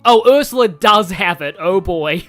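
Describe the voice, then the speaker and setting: A man chats his way through a game stream, his pitch swinging up and down. He rambles, stumbles on words and corrects himself as he goes. Faint game music plays behind him. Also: animated, moderate pace, fairly bright tone. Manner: rambling, full of fillers and self-corrections. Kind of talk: casual let's-play commentary.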